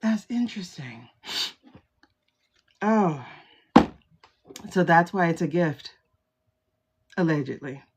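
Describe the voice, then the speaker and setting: Woman doing a tarot livestream on her phone, slow unhurried talker, chatty, calls out viewers by name. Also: fairly low pitch, lively intonation, a little hiss or hum. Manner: chatty, exclaims often, talks to viewers by name. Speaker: tarot reader livestream host. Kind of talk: casual livestream tarot reading.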